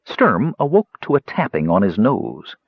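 A man narrates a fantasy audiobook in a low, slightly husky voice with a lively, expressive pitch range. He reads scripted prose and shifts into character voices for the dialogue. The recording is dry and dull, like lo-fi. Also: unhurried, no room sound. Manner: expressive, voicing characters in quotes.

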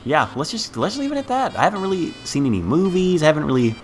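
A man's voice: on the high side, sing-song, quick pace, soft background music. A man co-hosting a casual podcast chat, hesitant with fillers and fussy follow-up questions. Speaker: podcast co-host.

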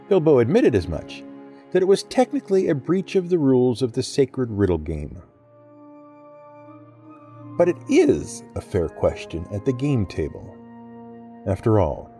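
A man hosting a podcast, reading a script with expressive, playful storytelling. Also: mid-range voice. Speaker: podcast host.

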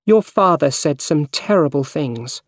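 A man's voice: on the high side, animated, unhurried, dry recording, clean studio sound, pitched above the performer's own voice. A man voicing a spirited, affectionate young woman in a raised, lighter voice. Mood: earnest.

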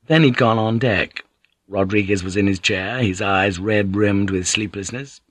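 A male audiobook narrator with a low voice and a measured, even delivery. The recording is dry and close. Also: dry recording. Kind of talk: scripted narration.

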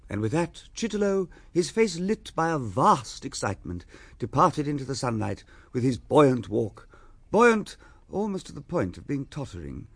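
A man narrating a radio drama as a measured storyteller. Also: mid-range voice, sing-song, gravelly, husky, dry recording. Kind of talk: scripted narration.

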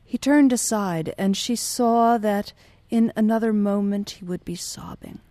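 Slow, mellow woman narrating a novel. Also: mid-range voice, no echo. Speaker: audiobook narrator. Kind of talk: scripted audiobook narration.

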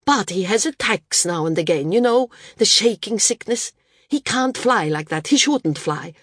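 A woman voicing an awkward, self-conscious middle-aged man who speaks low and haltingly. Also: animated, fairly bright tone, no echo, clean studio sound.

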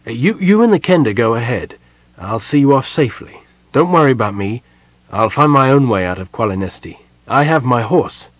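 A man's voice: mid-range voice, animated, moderate pace, no room sound, close to an everyday voice. A man voicing a dutiful young male knight who is firm and protective. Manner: earnest, respectful, urgent.

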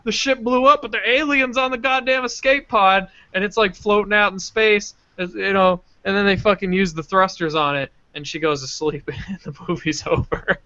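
High, bright-voiced swearing storyteller guy. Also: moderate pace, few pauses, muffled recording. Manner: profane, animated storyteller. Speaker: podcast co-host. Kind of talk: casual podcast chat, retelling a movie.

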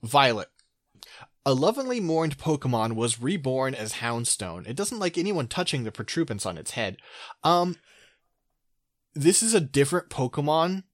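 A man co-hosting a casual podcast, his pitch swinging up and down as he talks. He has a dry, sardonic humor and often reads passages aloud. The sound is close and dead, with no room around it. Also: sing-song, moderate pace, no echo. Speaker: podcast co-host.

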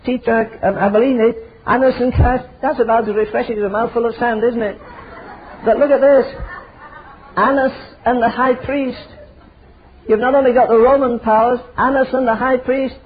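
A man's voice: extremely high pitch, slight background noise. An older man preaching a fiery, emphatic sermon full of rhetorical questions. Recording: tinny phone-like sermon recording.

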